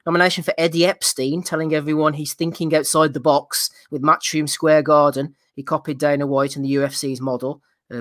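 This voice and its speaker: A man hosting a casual podcast, laughing often and briskly reading out listener nominations on a close mic. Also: a little high, a bit bright, dry recording. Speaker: podcast host.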